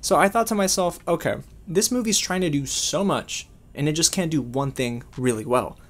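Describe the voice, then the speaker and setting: Animated man reviewing a film. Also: on the high side, moderate pace. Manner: animated, emphatic, addresses viewers as guys. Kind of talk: casual video review.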